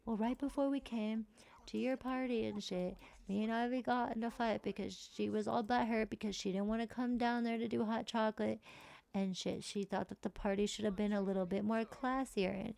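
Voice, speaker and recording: A woman's voice: fairly high pitch, steady tone, a little fast, vocal fry, darkish tone. A woman voicing a stressed young man who rambles and swears while venting about his day. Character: stressed young adult man, frazzled brother.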